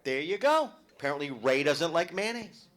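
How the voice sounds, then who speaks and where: A man's voice: fairly high pitch, big pitch swings, normal speed, a bit bright. A middle-aged male stand-up comic doing a live set, brash and profane, teasing people in the audience. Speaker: stand-up comedian. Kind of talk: live stand-up comedy with crowd work.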